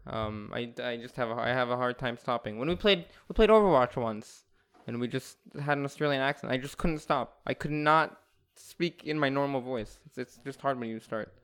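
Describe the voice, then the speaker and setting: A man's voice: mid-range voice, moderate pace, a bit bright, clean tone. A young man co-hosting a casual podcast, wry and joking with loose fillers. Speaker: podcast co-host.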